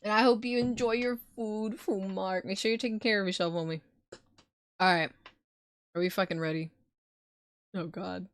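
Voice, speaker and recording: A woman's voice: mid-range voice, steady tone, normal speed, long pauses. A woman streamer, not a native English speaker, chatting loosely with her viewers, swearing and laughing often before a book reading. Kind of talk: casual live-stream chat.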